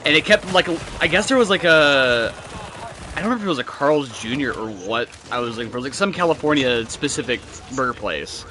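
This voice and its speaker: A man's voice: mid-range voice, expressive, a little fast, pushed and bright, a little hiss or hum. A young man, telling rambling, profane stories while gaming with friends. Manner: rambling, profane storytelling with laughs. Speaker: gamer chatting with friends. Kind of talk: casual gaming chat.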